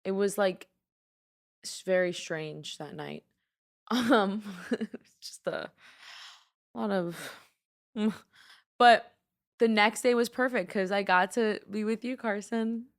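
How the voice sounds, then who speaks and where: A young woman with a New York accent hosts a casual solo podcast. She talks in a loose, rambling way, with plenty of "like" and strong opinions. Her voice sits at an everyday middle pitch for a woman. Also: slow, pauses often. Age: young adult. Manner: rambling, lots of "like", animated and opinionated. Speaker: podcast host.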